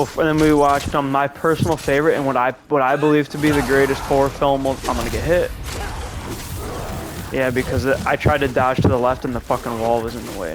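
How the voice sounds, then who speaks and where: A young man casually commenting while playing a game, telling rambling, profane stories in a laid-back way. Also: mid-range voice. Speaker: gameplay commentator. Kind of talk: casual gameplay commentary with storytelling. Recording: noisy background.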